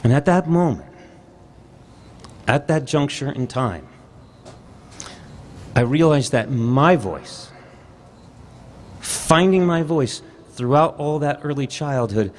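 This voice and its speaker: A man performing a reflective personal story live on stage, measured and pausing. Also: fairly high pitch, animated, a little hiss or hum.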